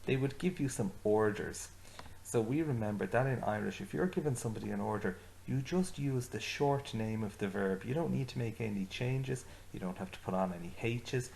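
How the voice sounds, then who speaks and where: A man teaching an Irish language lesson, slowing down to model each phrase for his learners to repeat. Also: fairly low pitch, creaky, darkish tone, a little hiss or hum. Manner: slows right down to model phrases for repetition. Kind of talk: slow, deliberate lesson with repeat-after-me drills.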